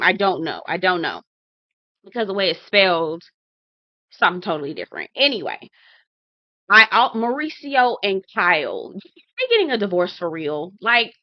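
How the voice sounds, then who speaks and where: A woman's voice: mid-range voice, no room sound. Chatty woman, dull dry audio. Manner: chatty, addresses viewers directly, acts out her own reactions. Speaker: TV reality show reviewer. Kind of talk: casual commentary to viewers.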